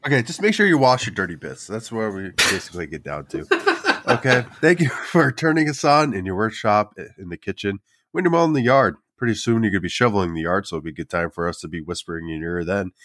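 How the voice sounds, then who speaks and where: A man with a fairly low voice co-hosting a casual podcast, wry and playful. The recording is dry and close, with no room sound. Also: lively intonation, fast, a bit bright, no echo. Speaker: podcast co-host. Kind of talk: casual podcast outro chat.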